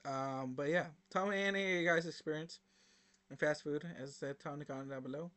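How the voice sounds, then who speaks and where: A young man with a high, bright voice chats casually to his viewers. He rambles through his stories with plenty of fillers and slang, in a loose, informal way. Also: fairly even intonation, brisk. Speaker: reaction video host. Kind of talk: casual storytelling to camera.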